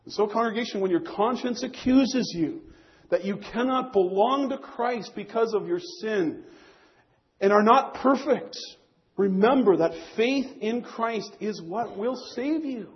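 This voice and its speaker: A man's voice: high-pitched, measured pace, highs cut off. A man preaching a sermon to a congregation, earnest, repeating key phrases, with frequent restarts. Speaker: pastor.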